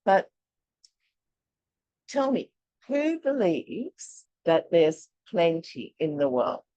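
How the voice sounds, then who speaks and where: A woman from Eastern Europe leading an online workshop, talking in a chatty, animated way and laughing often. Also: lowish voice, extremely slow, dry recording, dull audio. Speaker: workshop leader. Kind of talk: casual online workshop teaching.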